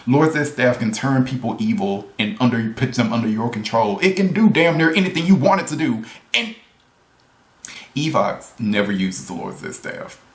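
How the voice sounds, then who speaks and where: A man's voice: medium pitch, lively intonation, normal speed. A man giving a casual, ranting video review, incredulous and exasperated, repeating himself, cursing and laughing. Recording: roomy echo.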